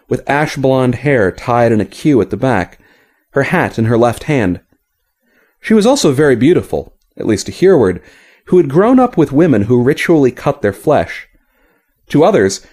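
A man reading fantasy fiction aloud with an expressive storyteller's delivery. His pitch rises and falls widely from sentence to sentence, at a medium register. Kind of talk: scripted audiobook narration.

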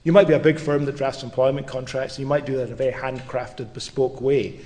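A man's voice: mid-range voice, fairly even intonation, fast talker, warm tone. Middle-aged male professor, dry wit, mid-range voice, lecture hall echo. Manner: wry, dry humour, occasional restarts. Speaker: law professor giving a public lecture. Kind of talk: public lecture. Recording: long reverb of a lecture hall.

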